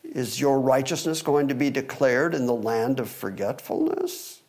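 A man's voice: mid-range voice, unhurried, a little mellow. A man teaching verse by verse through a psalm, earnest and expository, pressing points with emphatic rising questions. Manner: wry aside about holding the microphone. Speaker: Bible teacher. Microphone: microphone.

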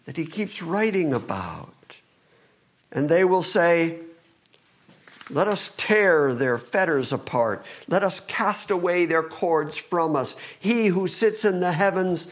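A male pastor preaching a sermon, talking fast and reading scripture with emphasis. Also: sits high, lively intonation.

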